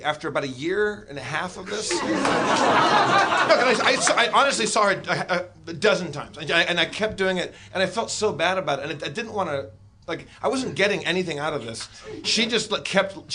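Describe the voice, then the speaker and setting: A man's voice: high-pitched, sing-song, a little fast, a crowd in the background, background noise. A man hosting a comedy podcast, telling a story animatedly and acting out the voices of the people in it.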